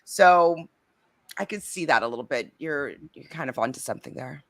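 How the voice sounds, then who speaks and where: A woman co-hosting a casual reality show recap, chatty and animated, with lots of likes and restarts. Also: sits low, moderate pace.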